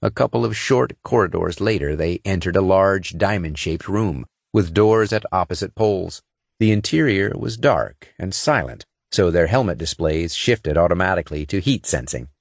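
Deep husky male audiobook narrator. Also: expressive, normal speed, dry recording, clean studio sound. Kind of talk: scripted narration.

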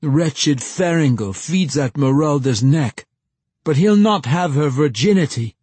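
A man's voice: medium pitch, normal speed, warm tone, breathy edge, no echo, pitched above the performer's own voice, close to an everyday voice. A man voicing a brooding young man in a storybook who declaims his lines theatrically. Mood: angry. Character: brooding young man, melodramatic would-be poet.

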